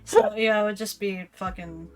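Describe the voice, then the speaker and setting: A woman's voice: medium pitch, normal speed, faint music behind. A woman co-hosting a casual stream, telling anecdotes animatedly with frequent laughter. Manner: laughs often, animated when retelling. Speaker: co-host. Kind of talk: casual storytelling chat.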